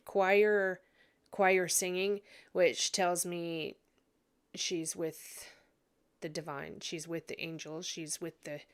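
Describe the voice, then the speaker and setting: Slow, hesitant tearful woman. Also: lowish voice, smooth. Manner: hesitant, many ums and restarts. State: tearful, sniffly. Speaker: psychic reader. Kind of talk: emotional psychic commentary vlog.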